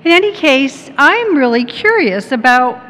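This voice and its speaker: A woman's voice: high voice, very animated, unhurried, fairly bright tone. Woman presenting in an echoey hall. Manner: poses questions to the audience and tells anecdotes. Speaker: conference presenter, tech company head. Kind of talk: conference presentation. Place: large conference hall. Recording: long hall reverb, faint background noise.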